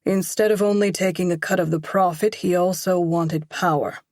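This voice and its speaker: A woman narrator voicing a calm, wry, cynical man in an audiobook. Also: on the low side, moderate pace, no echo, natural voice. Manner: wry, detached.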